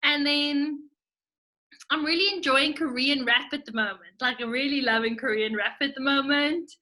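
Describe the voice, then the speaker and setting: Very bright, high-voiced young woman chatting. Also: normal speed. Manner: emphatic, opinionated, frequent "like". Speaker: podcast co-host. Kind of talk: casual chat.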